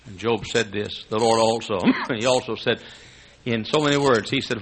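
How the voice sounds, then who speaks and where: An older man from Texas with a Texan accent, preaching a sermon as a pastor. He swings between hushed, tender low passages and high, shouted preaching, often chuckling as he goes. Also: moderate pace, breathy edge, low-quality recording.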